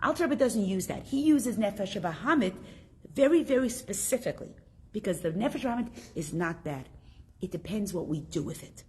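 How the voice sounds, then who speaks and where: A woman teaching a class, telling a story and asking her students questions in a lively way. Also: mid-range voice, fairly quick, a little hiss or hum.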